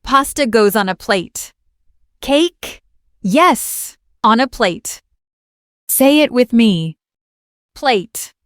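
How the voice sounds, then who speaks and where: Slow, clear-voiced woman teaching English. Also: fairly high pitch, expressive, no echo, clean studio sound. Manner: slow, clear, repeats each word for learners. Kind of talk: beginner language lesson.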